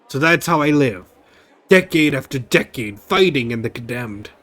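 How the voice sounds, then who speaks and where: A man's voice: medium pitch, animated, normal speed, fairly bright tone, natural voice. A man reading as a morose disgraced crusader. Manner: gloomy, weary reading of game dialogue. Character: morose disgraced male crusader, guilt-ridden. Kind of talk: reading game dialogue aloud.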